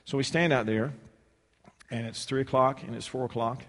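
A man preaching a sermon, telling a personal story with humor and sudden loud shouted quotes. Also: mid-range voice, fairly even intonation, moderate pace, in a large hall.

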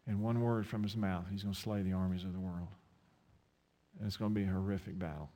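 A man with an Eastern North Carolina accent preaching a sermon, impassioned, with repeated restarts and dramatic pauses. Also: deep voice, steady tone, mellow. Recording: long hall reverb.

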